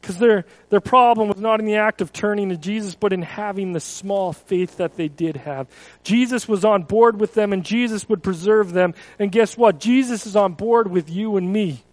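High-voiced man preaching a sermon. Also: moderate pace, no echo, low-quality recording. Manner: earnest storytelling, rising to urgent emphasis.

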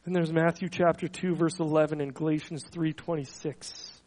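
A man's voice: on the high side, level tone, rough recording. A man preaching a sermon, reading scripture with earnest emphasis and stumbling over words between quotes. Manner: earnest, slows and swells on scripture quotes, soft trailing endings; stumbles and repeats words when speaking freely. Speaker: pastor.

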